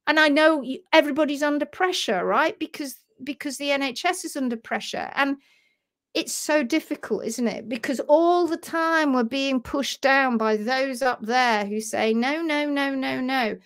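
A woman's voice: high-pitched, normal speed, a bit bright. An English woman hosting a live stream, talking in a passionate, emphatic way. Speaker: host.

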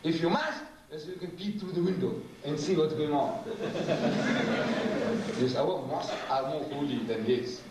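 A man gives an animated, humorous public lecture and sometimes mimics other voices. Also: fairly high pitch, unhurried. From South Africa. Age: 70s. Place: large lecture hall. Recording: echoey hall, distant mic, noisy.

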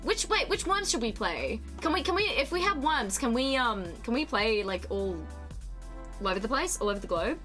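A woman streaming live, chatting casually with her viewers, excitable and quick to swear, with a desk mic. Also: fairly high pitch, faint music behind. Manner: chatty and excitable, swears freely, shrieks when surprised.

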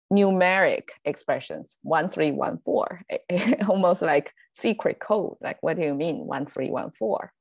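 A woman's voice: deep voice, creaky, a little mellow, dry recording. A woman whose first language is Chinese, hosting a casual online language lesson, chatty, often laughing and correcting herself as she explains slides. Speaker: Chinese language teacher and host.

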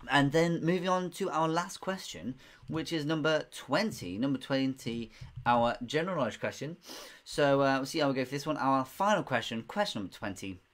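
A man's voice: mid-range voice, expressive, moderate pace, fairly bright tone. A young man hosting a live-streamed pub quiz, chatty and giggly, reading out viewers' comments. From United Kingdom. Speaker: quiz host.

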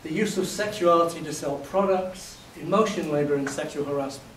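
A man from England giving a university lecture, telling lively stories and acting out his examples, his voice a little hoarse. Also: on the high side, brisk. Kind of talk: classroom lecture. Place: lecture hall. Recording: echoey hall, distant mic, faint noise.

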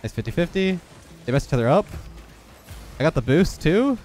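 A young man with a stuffed-up, nasal voice, giving quick, focused play-by-play commentary on his own game. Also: fairly high pitch, very animated, a little mellow, soft background music. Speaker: gaming YouTuber. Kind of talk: live gameplay commentary.

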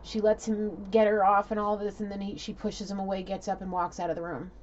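A woman giving a casual spiritual reading, telling what she sees in a chatty, animated way full of fillers. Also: mid-range voice, fairly quick, dull audio, a little hiss or hum. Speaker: tarot reader.

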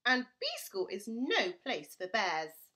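A woman voicing a stately, fair-minded queen bee in a children's storybook, speaking slowly and with measured dignity. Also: on the high side, huge pitch swings, sharp tone, exaggerated voice. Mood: stern.

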